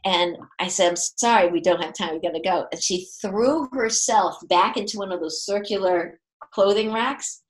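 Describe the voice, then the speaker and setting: A woman's voice: mid-range voice, moderate pace, few pauses, rough recording. An older woman giving parenting advice, telling a personal story in casual conversation, laughing often and acting out the voices she quotes.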